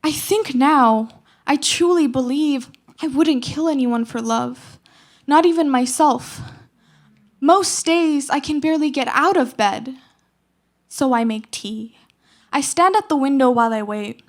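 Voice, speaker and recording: A teenage girl reciting spoken word poetry at a slam, with rhythmic, emphatic delivery and dramatic pauses. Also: sits high. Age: teens. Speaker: slam poet.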